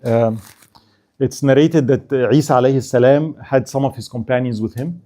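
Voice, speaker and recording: A man's voice: mid-range voice, moderate pace, mellow. A man giving a casual history lecture at an Islamic center, often checking in with "right?" and joking with his listeners. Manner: keeps asking the audience "right?", joking and laughing.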